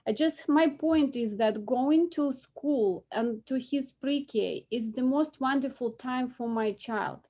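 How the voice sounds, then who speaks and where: A woman's voice: high voice, slow, few pauses, mellow. Emotional Belarusian woman testifying. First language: not English. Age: 40s. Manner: earnest, pleading, emotional. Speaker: public hearing testifier.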